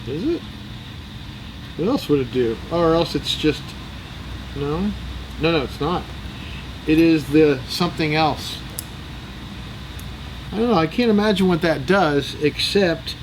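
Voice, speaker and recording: Speaking at a measured pace with frequent pauses, this American channel host has a voice on the high side and lively intonation. He takes apart and cleans a gun while rambling, joking, and muttering his thoughts aloud. The audio is poor, with a little hiss or hum.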